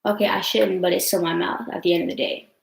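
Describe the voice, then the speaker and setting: A young woman talks through a casual livestream, rambling with lots of fillers and frequent swearing. She sounds upset and close to tears, her pitch staying fairly level. The room around her rings with a noticeable echo. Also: steady tone, fast talker, creaky. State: upset and tearful. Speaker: vlogger answering live chat. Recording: roomy echo.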